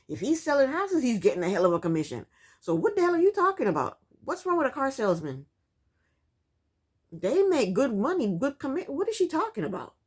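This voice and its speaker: A woman's voice: on the high side, darkish tone, slightly rough. A woman recapping a reality TV show in casual commentary, sassy and exasperated, firing off rhetorical questions.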